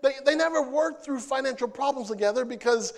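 High-voiced preacher, playful and animated. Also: male voice, fairly quick. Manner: playful, animated, acts out scenes. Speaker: pastor. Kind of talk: sermon.

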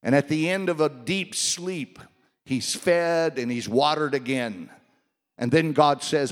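A man preaching a sermon, swinging between loud, raised passages and hushed, quiet ones. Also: mid-range voice, a little slow. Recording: long hall reverb.

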